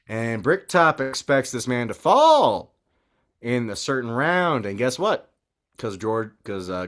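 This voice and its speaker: Man, podcast co-host, lively swinging pitch, profane and rambling casual chat. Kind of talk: casual movie review chat.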